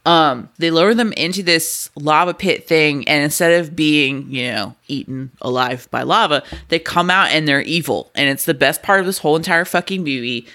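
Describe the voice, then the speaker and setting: Bright-voiced man, laughing movie recap. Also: on the high side, normal speed, few pauses. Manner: laughs often, swears, sums up plot. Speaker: podcast co-host. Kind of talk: casual chat, movie review.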